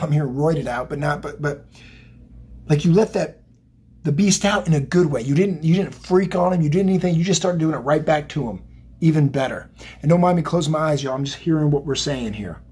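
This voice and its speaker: A man's voice: a little high, a little mellow, husky. A man giving a psychic tarot reading, emotional and motivational, rambling and repeating himself. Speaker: tarot reader.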